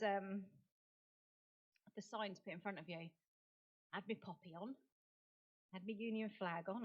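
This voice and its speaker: A woman's voice: mid-range voice, a bit bright. A middle-aged woman from England, an autism campaigner, giving a chatty, self-deprecating talk at a forum with many fillers and restarts. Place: lecture hall. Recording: dull lo-fi recording.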